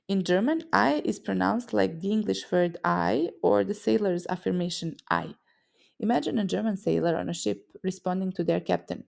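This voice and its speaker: A woman's voice: medium pitch, normal speed, creaky, darkish tone. A woman from a Serbian-speaking region teaching pronunciation in a scripted lesson, explaining sounds with vivid mental images. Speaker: language teacher.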